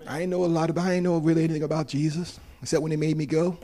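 A man in his fifties, a preacher giving a sermon that builds from quiet storytelling to shouted, tearful preaching. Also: on the high side, little pitch movement, very fast. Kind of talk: sermon testimony.

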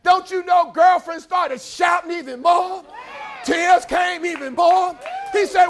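A man preaching a story-driven sermon in a church, calling for responses and building to shouted praise. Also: very high-pitched, a little slow, vocal fry, a faint crowd, a little hiss or hum.

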